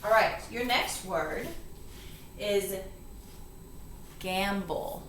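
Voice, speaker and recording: A woman tutor walks a learner through a phonics lesson, slow and deliberate as she breaks words into sounds. Her voice sits at a middling pitch and comes from some distance off the mic. The room rings with a noticeable echo, and a faint hiss runs underneath. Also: a bit bright. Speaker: reading tutor.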